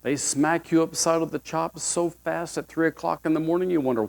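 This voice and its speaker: Male pastor, sermon, folksy and humorous, somewhat high voice. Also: moderate pace, vocal fry, hardly any pauses.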